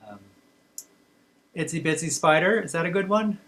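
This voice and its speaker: A man hosting an online family workshop, speaking unhurriedly with pauses and fillers over a video call. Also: fairly high pitch, a bit bright. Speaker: children's workshop host. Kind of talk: casual online workshop talk.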